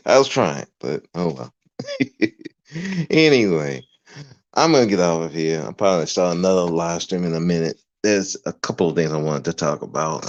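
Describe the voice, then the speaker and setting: A podcast host, a man, delivering an emphatic, profane livestream rant. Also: low-pitched. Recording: dull lo-fi recording.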